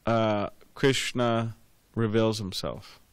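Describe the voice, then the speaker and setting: Low-voiced man giving a scripture class. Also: steady tone, takes it slowly, smooth, no room sound. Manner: rambling, repeats words, many fillers. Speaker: class speaker.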